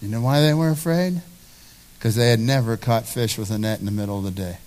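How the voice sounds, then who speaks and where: A man's voice: medium pitch, fairly quick, darkish tone. A male pastor preaching a sermon. He speaks emphatically, repeats phrases for stress and talks straight to the congregation. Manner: conversational, addresses the congregation directly.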